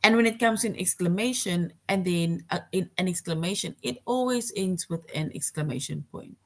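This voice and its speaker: Woman teaching kids grammar, kinda low voice, patient, says everything twice, lots of "right?". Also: moderate pace. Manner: patient, repeats points, checks in with "right?". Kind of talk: online grammar lesson for young children.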